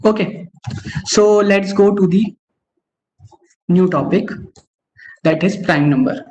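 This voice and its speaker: Speaking slowly in a mid-range voice with a darkish tone, a young adult runs an algorithms webinar. They lean on "okay" nonstop and correct themself partway through sentences. Their call microphone yields dull, lo-fi audio for this online coding lecture.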